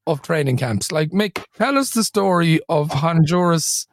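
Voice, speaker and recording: A man's voice: on the high side, expressive, unhurried, no echo, studio quality. A man co-hosting a podcast in casual chat, chatty and laughing as he tells it. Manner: chatty, laughs while telling it. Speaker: podcast co-host.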